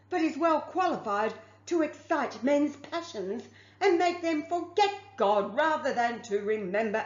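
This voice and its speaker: A woman's voice: a little high, darkish tone. A woman reading aloud from a religious text and stopping to comment on it, formal as she reads and chatty in her asides. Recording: muffled, echoey room.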